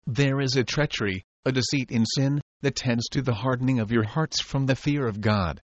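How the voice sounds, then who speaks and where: A man's voice: medium pitch, moderate pace, dry recording. Man reading old devotional prose. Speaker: audiobook reader. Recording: dull, dry, slightly muffled audio.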